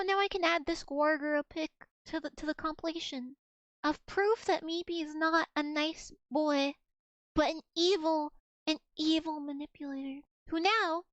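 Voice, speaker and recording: A young woman with a strikingly high, girlish voice chats with her viewers while she plays. She teases them, curses freely and keeps the banter playful. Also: unhurried, no room sound, muffled recording. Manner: playful, swearing, teasing banter with chat. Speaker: game streamer. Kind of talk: casual live gameplay stream chat.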